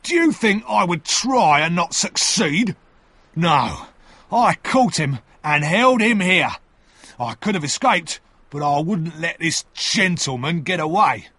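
A man voicing a rough, desperate convict who speaks loudly and defiantly. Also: a little high, expressive, slow, dry recording, voice pushed up, full character voice. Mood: scornful. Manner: loud, forceful and defiant. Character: rough desperate male convict, fierce and bitter.

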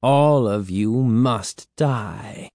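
Man voicing icy cruel witch, storybook, slow quiet commands, dry close sound. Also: medium pitch, no room sound. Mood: cold. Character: cold cruel female witch.

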